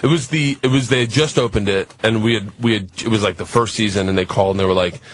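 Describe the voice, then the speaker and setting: A man telling a long, profane story on a radio talk show, animated and acting out the other people in it. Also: fairly low pitch, fast talker. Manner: animated, profane, acts out voices in his stories.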